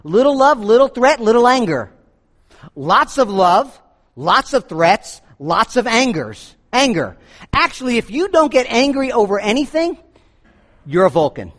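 A man preaching a sermon, animated, swinging between booming lines and low asides. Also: a little slow. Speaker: pastor.

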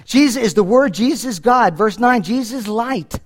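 A man's voice: extremely high pitch, lively intonation, moderate pace. A middle-aged man from New York preaching a conversational Bible-teaching sermon, acting out the scripture dialogue. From New York, USA. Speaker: pastor.

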